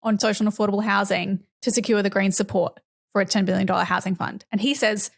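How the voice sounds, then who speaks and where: A woman with an Australian accent co-hosting a political podcast, talking in a sarcastic, sweary, animated way. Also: mid-range voice, quick pace, gravelly. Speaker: podcast co-host. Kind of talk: casual political chat.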